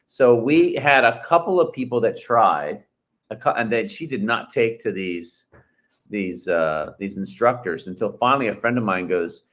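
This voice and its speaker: A man's voice: fairly low pitch, lively intonation, normal speed, fairly bright tone. A man guest on a podcast, telling a family story in an earnest way and acting out quoted lines. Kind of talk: casual chat.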